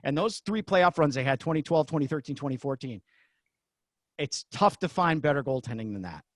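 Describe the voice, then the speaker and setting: A middle-aged man, a former arena announcer, tells his stories with real excitement. His voice sits a bit high and comes across close and dry, with no room around it. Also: brisk, no room sound. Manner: excitable, acts out shouted quotes. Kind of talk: animated storytelling in a podcast interview.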